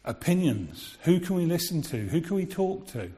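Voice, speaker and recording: A man's voice: fairly high pitch, very animated, normal speed, mellow. A man giving a sermon in a conversational way, asking his listeners rhetorical questions. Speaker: preacher. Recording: long reverb of a large hall.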